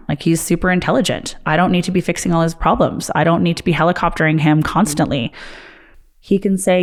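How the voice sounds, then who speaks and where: Low-voiced woman, candid and earnest. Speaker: martial arts studio owner and athlete. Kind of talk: personal talk to camera.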